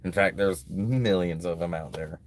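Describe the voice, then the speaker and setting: A deep-voiced man at a moderate pace, with slight background noise. He's a vlogger live-streaming outdoors at a beach, reading donations and chatting in a rambling, easygoing way heavy on "um" and "like."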